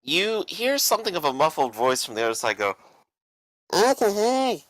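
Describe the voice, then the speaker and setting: Lively game master, dry mic. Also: male voice, mid-range voice, fast, no room sound. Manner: descriptive, with hesitant fillers. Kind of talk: narrating a tabletop game.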